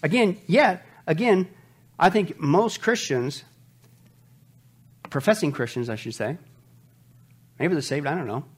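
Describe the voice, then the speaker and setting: A man's voice: a little high, unhurried, pauses often, husky. A middle-aged male pastor preaching a sermon, asking the congregation rhetorical questions and joking between Bible readings. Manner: animated preaching, rhetorical call-and-response questions, jokes.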